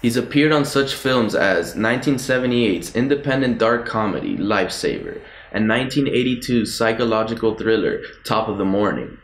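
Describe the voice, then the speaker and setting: A man hosting a comedy talk show in a brisk, formal showman manner. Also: fairly low pitch. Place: studio with live audience. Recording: echoey studio, faint ambience.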